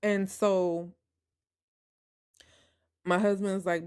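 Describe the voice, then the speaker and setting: A woman hosting a podcast, telling a personal story in an emphatic, animated way and talking straight to her listeners. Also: medium pitch, normal speed. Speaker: podcast host.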